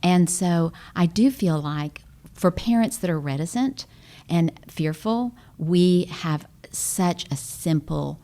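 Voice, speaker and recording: A woman's voice: fairly low pitch, animated, slow pace, few pauses, warm tone. A woman who is a guest on a parenting podcast, speaking in an earnest, reflective way. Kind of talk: conversational podcast talk.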